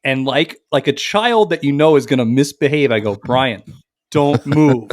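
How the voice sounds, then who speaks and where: A man's voice: mid-range voice, brisk, dry recording, studio quality. A man co-hosting a podcast, telling a long story in casual chat, swearing freely and acting out what everyone said. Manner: animated, profane, acts out quotes. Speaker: podcast co-host.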